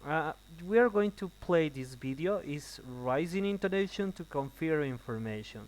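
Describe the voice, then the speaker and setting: A man's voice: on the high side, expressive, a little mellow, low-quality recording. Man teaching English. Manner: explains slowly, repeats in Spanish. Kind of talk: classroom explanation, switching to Spanish.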